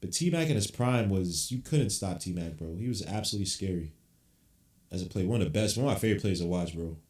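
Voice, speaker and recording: A man's voice: deep voice, animated, brisk, darkish tone. A man hosting a basketball podcast, reacting live to a game with blunt, frustrated, cursing rants. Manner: blunt, frustrated fan ranting, swears casually. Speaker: podcast host. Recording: roomy echo.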